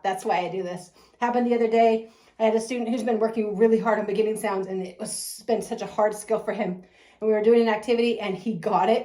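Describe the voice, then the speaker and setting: The mellow, mid-range voice belongs to a woman who runs and teaches at a preschool. She promotes it enthusiastically, gushing and laughing often, and the space sounds reverberant.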